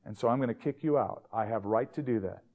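A stern male landlord, voiced by a man in a sermon, lays out his complaints in a flat, matter-of-fact way. The voice stays close to the speaker's own natural middle register. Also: mid-range voice, fast, phone-quality sound, natural voice.

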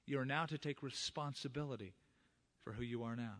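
A man's voice: mid-range voice, normal speed, fairly bright tone. A middle-aged man, a pastor, preaching a sermon and earnestly addressing the fathers in the congregation.

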